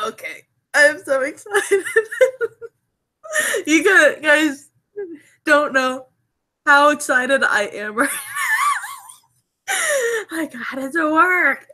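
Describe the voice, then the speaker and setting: A woman hosting a casual live stream from home, giddy, laughing often and repeating herself excitedly. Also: sits high, slow pace, long pauses. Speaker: livestream host.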